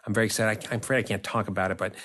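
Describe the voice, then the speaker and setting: A man in his fifties, a guest on an interview podcast, telling lively stories and laughing often. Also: lowish voice, very fast. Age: 50s. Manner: animated storyteller, laughs often. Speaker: guest actor.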